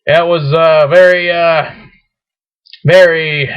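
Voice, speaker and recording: Excitable young man, high voice, lo-fi. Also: moderate pace. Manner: excitable, rambling, acts out his own panicked rants. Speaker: vlogger. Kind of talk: rambling casual vlog. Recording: dull lo-fi webcam audio.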